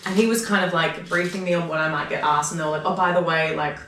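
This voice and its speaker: Lively Australian woman telling stories. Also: on the low side, fast talker, a little hiss or hum. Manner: animated storyteller who acts out her own quoted lines. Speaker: comedian guest. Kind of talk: casual podcast chat. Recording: echoey room, mic far off.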